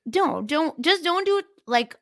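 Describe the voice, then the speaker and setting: A woman's voice: extremely high pitch, lively intonation, measured pace, a bit bright. A young woman from India co-hosting a podcast, recapping a TV episode in casual, bubbly chat full of fillers. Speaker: podcast co-host.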